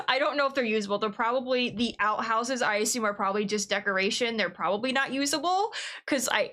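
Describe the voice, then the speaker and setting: A young woman talks through her game stream in a loose, rambling way. She gets excitable and laughs a lot as she goes. Her voice sits a bit high. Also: moderate pace. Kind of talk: casual livestream chat.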